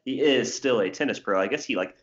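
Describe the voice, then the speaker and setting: A man's voice: mid-range voice, fairly quick, reverberant, lo-fi sound. A young man co-hosting a casual podcast chat, rambling with lots of filler words. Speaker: podcast co-host.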